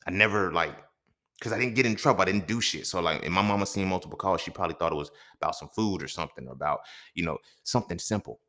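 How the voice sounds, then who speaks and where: A man's voice: low-pitched, quick pace, fairly bright tone. A young man and podcast host telling a personal story in an emphatic, profane way, often checking in with his listeners.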